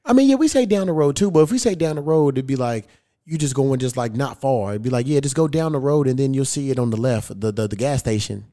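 A man's voice: medium pitch, lively intonation, fast, mellow. A man, hosting a podcast in casual chat, telling loose stories full of slang and swearing. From United States. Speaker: podcast host.

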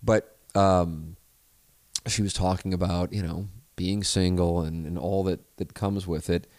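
A married podcast host with a low-pitched voice rambles profanely through a listener email in a casual monologue packed with restarts and asides. There's no room sound.

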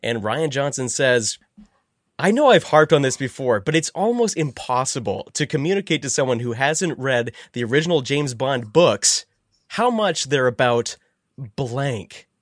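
A man hosting a comedic podcast game segment, excitable and quick to laugh. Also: mid-range voice, no room sound, studio quality. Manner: excitable, laughs often, upbeat game-host delivery. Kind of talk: lively comedic podcast chat.

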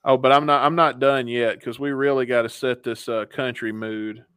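Podcast co-host, male, joking casual delivery, smooth clear tone. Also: mid-range voice, steady tone, normal speed, fairly bright tone, dry recording. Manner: joking, laughing often.

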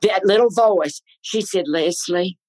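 A man, a guest on a talk show, telling stories in an animated, theatrical way. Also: normal speed, slight background noise, low-quality recording. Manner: lively, theatrical, swoops up high in his laughs. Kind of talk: animated storytelling in a chat show.

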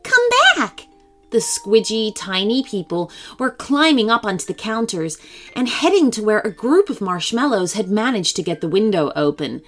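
A woman reading a children's story aloud in an expressive way. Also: mid-range voice, normal speed, faint music behind.

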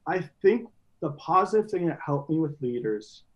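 Earnest, slightly high-voiced young man. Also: very animated, normal speed, highs cut off. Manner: earnest, rambling with restarts and "you know". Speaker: podcast guest. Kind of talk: reflective conversational interview.

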